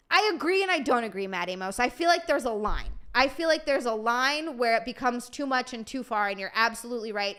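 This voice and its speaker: A woman's voice: a little high, a bit bright. A woman streamer chatting casually with her viewers, scattered and tired from lack of sleep, swearing freely. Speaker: streamer and podcast host. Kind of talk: casual livestream chat, answering viewer donations.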